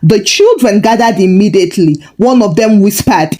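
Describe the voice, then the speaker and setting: A woman storyteller narrating a folktale in a lively, expressive way. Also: fairly high pitch, moderate pace, hardly any pauses.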